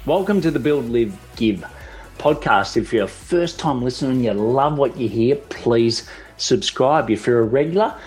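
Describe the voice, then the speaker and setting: A man's voice: medium pitch, expressive, normal speed, darkish tone, slightly rough, faint music behind. A man with an Australian accent hosting a podcast in a chatty, enthusiastic way. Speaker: podcast host.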